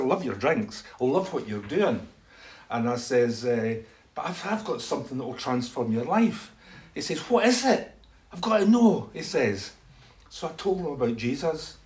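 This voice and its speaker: A man telling a church testimony as a story, acting out both sides of conversations and laughing often. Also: mid-range voice. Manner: animated, acts out dialogue, laughs often.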